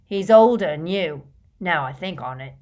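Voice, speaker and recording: A woman reading an audiobook voices a drunken, filthy older man who bellows in a rough, slurred dialect. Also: fairly low pitch, lively intonation, normal speed, darkish tone, natural voice. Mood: drunken, ranting.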